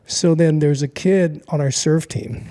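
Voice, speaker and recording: A man's voice: on the high side, steady tone, unhurried, dark tone. A man in his sixties, originally from Hawaii, telling a story as an interview guest in a laid-back, rambling way, full of "like," and acting out other people's lines. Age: 60s. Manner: laid-back, rambling, heavy use of filler "like"; acts out other people's lines in raised voices. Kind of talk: casual storytelling.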